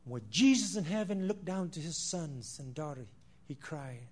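A man preaching a sermon, swinging between loud declarations and hushed asides, repeating phrases and calling listeners "my friend.". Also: on the high side, lively intonation, moderate pace.

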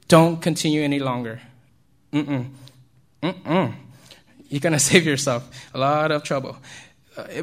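A man delivers an easygoing sermon to young listeners in a voice that sits a little above the usual male range. He keeps it conversational, checking in with the group and chuckling softly between points. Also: fairly high pitch. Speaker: youth speaker. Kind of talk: informal sermon to young people.

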